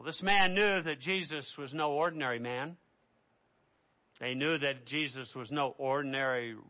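A male preacher with a high, bright voice delivers a sermon. His pace is slow, but he tells the story in an animated way and slips into the voices of the people in it.

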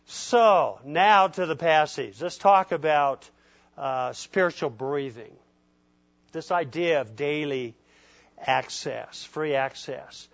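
A man's voice: fairly high pitch, takes it slowly. A male pastor giving a conversational sermon in a folksy way, often checking in with his listeners. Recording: dull lo-fi recording.

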